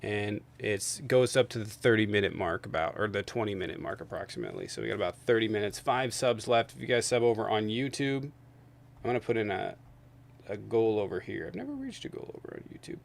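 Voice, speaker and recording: A man hosting a livestream of political debates, venting angrily with heavy profanity and loud bursts, then calmly reading out subscriber thanks. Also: lowish voice, a little fast, vocal fry. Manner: angry, profane ranting. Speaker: livestream host. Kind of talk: heated political debate stream.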